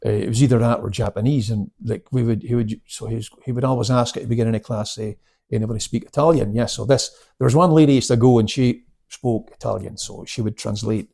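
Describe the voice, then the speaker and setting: A man's voice: medium pitch, fairly even intonation, fast, creaky, a little mellow, slightly rough. A man in his seventies, a karate instructor, telling stories in a casual interview, chatty and laughing, with many restarts. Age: 70s.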